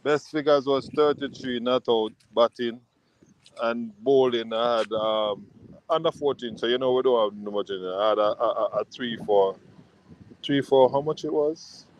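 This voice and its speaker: A man's voice: mid-range voice, moderate pace, muffled recording, slight background noise. A man, a guest on a sports talk show, telling boastful stories in casual chat.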